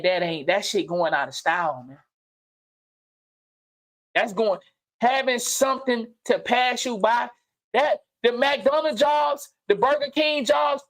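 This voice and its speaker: A man hosting a livestream and giving an unscripted motivational monologue, blunt and profane, repeating phrases and swinging from low murmurs to loud outbursts. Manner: blunt, preachy, profane street slang. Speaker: livestream host. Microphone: streaming mic.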